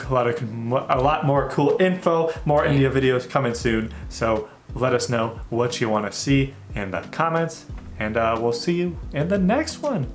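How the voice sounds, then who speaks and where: A man hosting a reaction video, chatting casually and playfully, acting out little stories as he goes. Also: mid-range voice. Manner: playful, jokey, animated storytelling. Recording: echoey room with faint music.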